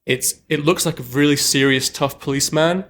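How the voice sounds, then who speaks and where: A man's voice: a little high, steady tone, moderate pace, fairly bright tone, slight background noise. Chatty young man rambling with "like". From Norway. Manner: rambling, heavy use of "like", chatty and self-deprecating. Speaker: film director guest. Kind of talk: casual interview chat.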